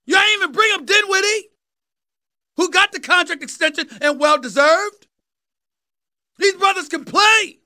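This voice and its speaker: A man's voice: extremely high pitch, moderate pace, long pauses, sharp tone. Emphatic New man in his fifties. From New York City. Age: 50s. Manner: emphatic, preachy, repeats phrases for effect. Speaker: sports talk host. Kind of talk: sports commentary monologue.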